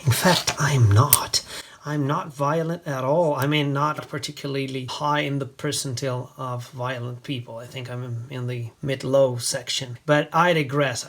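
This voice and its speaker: A man hosts a casual product review, wandering off on wry digressions. His voice is mid-pitched with a gravelly, fry-tinged texture. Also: a little hiss or hum. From Italy. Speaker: host.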